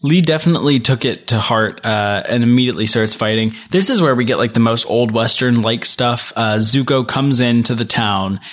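Guy chatting on a recap podcast, rambly, says like a ton, regular pitch. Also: normal speed, few pauses, a bit bright. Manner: rambling, heavy use of "like" and "um". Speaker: podcast co-host recapping an episode. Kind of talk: casual chat.

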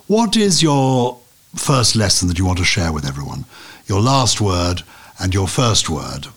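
Husky-voiced older host. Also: male voice, low voice, big pitch swings, a little slow. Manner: dry teasing questions. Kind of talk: interview.

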